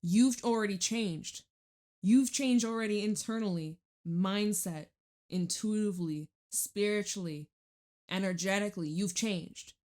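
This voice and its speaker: A woman's voice: mid-range voice, a little slow, a little mellow. A woman doing a casual tarot reading, chatty, laughing often and swearing freely. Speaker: tarot reader.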